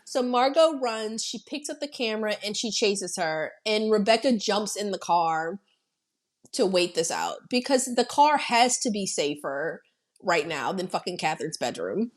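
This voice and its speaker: A woman co-hosting a podcast, recapping a horror film in animated casual chat and swearing freely. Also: mid-range voice, measured pace. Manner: animated storytelling, heavy swearing, acting out quotes. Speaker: podcast co-host.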